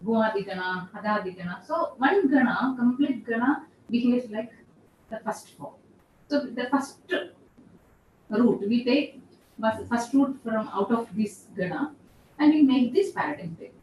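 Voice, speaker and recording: A woman's voice: fairly high pitch, lively intonation, a little slow, muffled recording, slight background noise. A woman professor, giving a classroom lecture and patiently repeating terms as she explains. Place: lecture room. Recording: echoey room, voice from far off.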